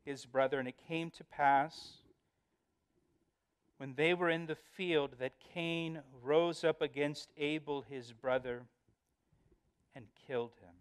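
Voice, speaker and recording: A man's voice: a little high, fairly even intonation, slow pace, pauses often, clean tone. A male pastor giving a verse-by-verse Bible study, earnest and emphatic, often repeating words as he explains.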